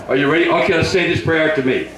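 An older man preaching at a revival, leading a crowd in shouted call-and-response prayer. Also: a little high, very fast, roomy sound, poor audio.

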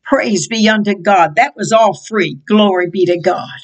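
Fervent slow-speaking woman preacher. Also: mid-range voice, poor audio. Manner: impassioned, preachy, quotes scripture in slow cadence. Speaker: prophetic preacher. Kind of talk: fervent prophetic sermon.

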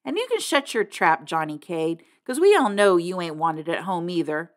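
A bitter teenage boy lashing out, as a woman reads him aloud. His lines come raised and heated in a lowish voice. An audiobook reading. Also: animated, normal speed, natural voice. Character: bitter hot-tempered teenage boy narrator.

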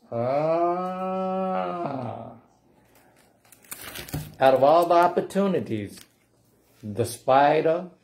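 At a library storytime, a man with a mid-range, darkish voice reads a picture book aloud. He playfully coaxes the children to join him on the refrain.

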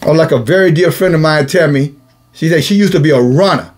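A man's voice: fairly high pitch, a little fast. A man preaching a blunt, scolding sermon, calling himself a watchman and repeating phrases for emphasis. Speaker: self-styled watchman preacher. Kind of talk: rebuking sermon monologue.

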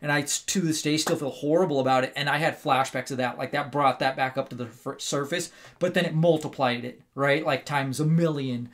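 A man on a casual podcast, retelling a film in an animated, rambling way, full of "like" and "right?". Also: mid-range voice, brisk, few pauses. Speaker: podcast co-host.

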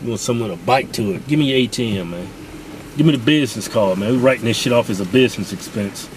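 A man's voice: mid-range voice, fast, slight background noise, low-quality recording. A middle-aged man co-hosting, ordering food and trading curses and banter in a car at a drive-thru. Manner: profane and scolding. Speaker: co-host.

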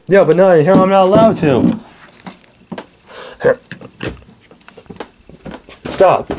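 A man acting out a home-made toy skit, bickering with himself in several voices, jumping between shouted yelps and low grumbles. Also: expressive, unhurried, pauses often, a little hiss or hum.

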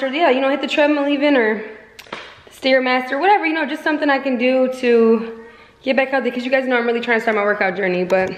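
A woman vlogging casually at home, chatty and rambling, full of fillers as she talks to her viewers. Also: fairly high pitch. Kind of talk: casual vlog chat to viewers.

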